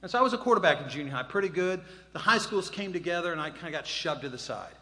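A man's voice: on the high side, expressive, fast, bright, forceful tone, husky. A man in his sixties telling a self-deprecating story to a live audience, quizzing the crowd as he goes. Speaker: speaker. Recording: long hall reverb.

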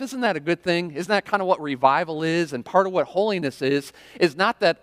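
A man with a slightly higher voice preaches in a relaxed, conversational way, often turning to the congregation with quick questions. His voice rings out with a long reverb through a large church hall. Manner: conversational preaching with frequent "right?" and audience questions. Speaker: pastor. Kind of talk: sermon. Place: church sanctuary.

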